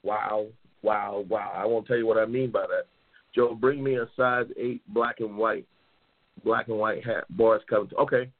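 Gravelly, loud-talking male show host. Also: fairly low pitch, normal speed. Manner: loud, profane and excitable, yelling at times. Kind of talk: casual livestream chat, reading race matchups. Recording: tinny phone-like sound.

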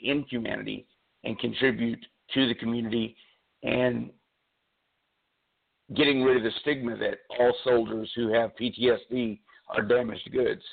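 A man hosting a talk radio show, speaking earnestly with many pauses and fillers while losing his voice, calling in by cell phone. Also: medium pitch, creaky. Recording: tinny cell phone line.

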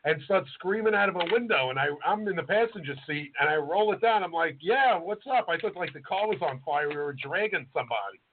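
A man chats through a casual podcast, rambling into stories and trailing off mid-sentence. His voice sits a little high. The sound is tinny and narrow, like a phone line. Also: animated, fast, hardly any pauses, slight background noise. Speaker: podcast co-host and chef.

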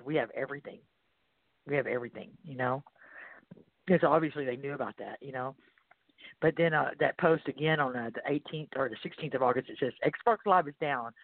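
A man with a Texan accent hosting a radio show, reading posts aloud in a rambling, halting way. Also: medium pitch, no echo. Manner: rambling, halting with many fillers. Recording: tinny phone-like line, dry.

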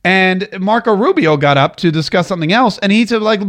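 A man's voice: high voice, big pitch swings, fast, a bit bright. A male talk radio host delivering a political monologue, sarcastic and emphatic, repeating phrases for effect.

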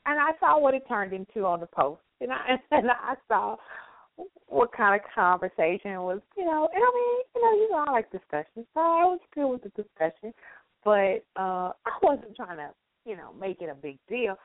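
Animated woman on a tinny phone line. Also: fairly high pitch, moderate pace, dry recording. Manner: animated storytelling, acts out voices. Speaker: co-host; teacher. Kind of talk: casual radio chat. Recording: dry phone-line audio.

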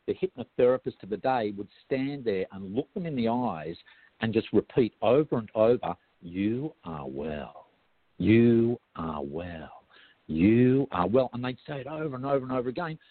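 A man's voice: fairly low pitch, breathy edge, dry recording. Chatty Australian man on a tinny line. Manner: chatty, digressive, self-interrupting. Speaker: guest hypnotherapist. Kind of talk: casual explanatory interview talk. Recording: tinny phone-like line, dry.

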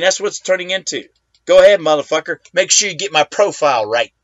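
A male talk show host on a rant, swearing freely and picking fights in his monologue. His voice sits a touch high and comes across bright and forceful. The sound is dry and a little dull, like a lo-fi home setup. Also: dry recording. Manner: profane, ranting and combative.

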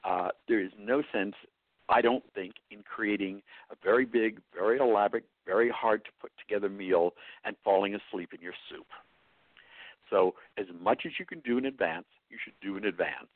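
A man with a New York accent speaks in a fairly low voice over a dry, tinny phone line. He hands out cooking tips bluntly and matter-of-factly, like a guest on a talk show. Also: normal speed, no room sound. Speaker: cookbook author guest. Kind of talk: casual advice on a phone-in show.

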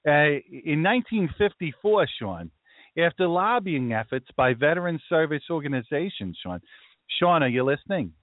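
A man's voice: on the high side, sing-song, moderate pace, no room sound, voice pushed up. A man putting on a Brooklyn-accented inner voice. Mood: insistent. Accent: Brooklyn, New York. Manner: emphatic, repeatedly calling a friend's name. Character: man's inner thinking voice, New York accent. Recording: dry, phone-like narrow sound.

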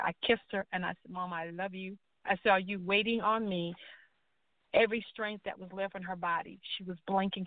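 A woman's voice: fairly low pitch, no echo. A woman guest earnestly telling a personal story, acting out the dialogue she quotes. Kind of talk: personal testimony in a talk show. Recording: tinny phone-like line, dry.

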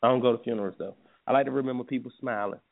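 Racing along in a mid-range voice, this man hosts a laid-back morning radio show full of crude jokes and free-flowing profanity. Faint music plays under a thin, phone-like recording.

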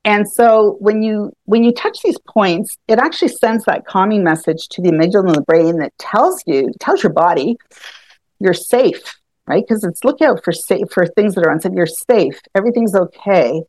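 A woman guest explaining a self-help tapping method in casual conversation, animated and quick to laugh, often restarting her sentences. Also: medium pitch, no echo. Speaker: EFT tapping practitioner, guest.

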